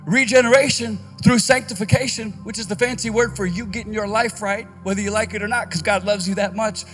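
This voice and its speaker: A man preaching a conference sermon as a pastor, with energetic delivery that rises to shouts. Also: high-pitched, fairly quick, soft background music. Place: conference stage.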